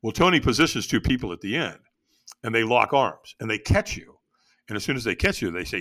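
Bright, animated male storyteller. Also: quick pace. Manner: animated, acts out his own past lines with jumps in pitch. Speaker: podcast guest. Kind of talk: storytelling interview.

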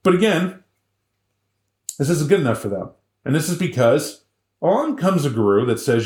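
A man co-hosting a podcast, retelling a tale in a casual, animated, joking way. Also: on the high side, moderate pace, long pauses, echoey room. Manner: animated, joking, full of voices. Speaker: podcast co-host. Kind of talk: casual storytelling chat.

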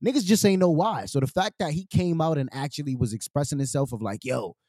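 A man's voice: a little high, a little fast, mellow, no room sound, studio quality. A young man with a New York accent, telling a story in casual podcast chat, slangy and profane, acting out quotes. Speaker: podcast host.

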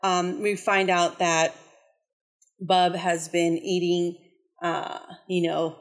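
A woman's voice: fairly low pitch, level tone, slow pace. A woman co-hosting a casual podcast, recapping a movie plot in a rambling way with many fillers.

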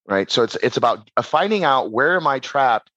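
A man's voice: medium pitch, moderate pace, dry recording, muffled recording. A man, a podcast guest who does shadow work, talking casually, rambling and restarting his sentences. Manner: rambling, repeats words and restarts, animated.

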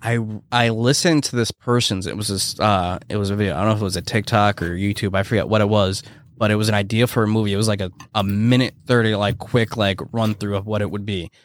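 Male podcast co-host, low voice, loose rambling casual chat, swears freely. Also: steady tone, fast talker, no echo. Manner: rambling, heavy use of "like" and swearing.

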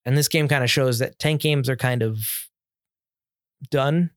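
A man's voice: medium pitch, fairly even intonation, measured pace, dry recording, clean studio sound. An American man co-hosting a casual chat, giving opinionated, rambling takes with many restarts. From United States. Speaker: podcast co-host. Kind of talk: casual chat about video games.

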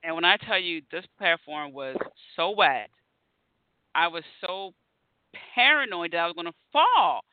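A man's voice: a little high, expressive, measured pace, clear, resonant tone, dry recording. A man hosting a casual conversation, telling stories animatedly and acting out his own reactions. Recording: tinny phone-like line.

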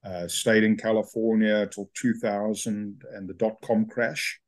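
Guest: South African man in his fifties, low voice, relaxed storyteller. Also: a little slow. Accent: South African with Australian tones. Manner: chatty, self-amused, with hesitations. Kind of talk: casual interview storytelling.

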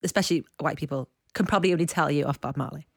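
A woman from England co-hosting a casual music podcast, chatty and quick to laugh. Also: low-pitched, vocal fry, dry recording, clean studio sound. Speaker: podcast co-host.

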